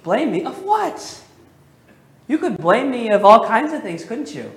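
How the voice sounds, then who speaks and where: A male pastor preaching a sermon in a church, questioning the congregation and slowing down to stress key phrases. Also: high-pitched, very animated, fairly bright tone, husky. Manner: emphatic, slows down on key phrases. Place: church sanctuary.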